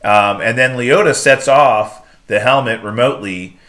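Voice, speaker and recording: A man's voice: medium pitch, unhurried, a bit bright. A man co-hosting a podcast, chatting casually and retelling scenes with quoted lines acted out. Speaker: podcast co-host. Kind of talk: casual chat.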